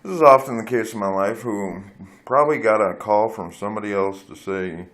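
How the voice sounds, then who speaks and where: A man's voice: fairly low pitch, fairly quick, fairly bright tone. A man telling a rambling personal story into his phone camera, candid and blunt, swearing freely and wandering off on tangents. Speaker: vlogger.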